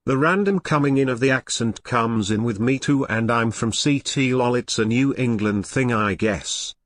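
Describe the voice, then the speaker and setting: A male text-to-speech voice reading viewer donation messages in a flat synthetic way. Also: medium pitch, moderate pace, no room sound, clean studio sound.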